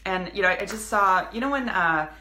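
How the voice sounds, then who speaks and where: A woman's voice: medium pitch, animated, a little fast. Earnest woman coach in an echoey room. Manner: warm, earnest, many restarts and fillers. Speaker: business coach and speaker. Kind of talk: casual motivational live video.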